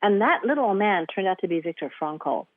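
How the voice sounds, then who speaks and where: A therapist from Guam who treats eating disorders tells a story as an interview guest, acting out quoted voices and laughing often. Her mid-range voice is lively and fairly quick, with no room sound, though the dry recording has a tinny phone-line quality.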